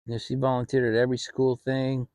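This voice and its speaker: A middle-aged man hosting his own channel, telling a family story in a relaxed, rambling way with frequent restarts. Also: mid-range voice, fast talker, no echo. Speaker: channel host. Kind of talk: casual storytelling. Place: home, relaxed fireside setting.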